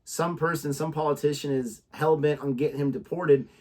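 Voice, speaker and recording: A man's voice: a little high, fairly even intonation, moderate pace, darkish tone. A man hosting a casual music reaction chat, chatty and opinionated as he sets up the song. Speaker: reaction channel host.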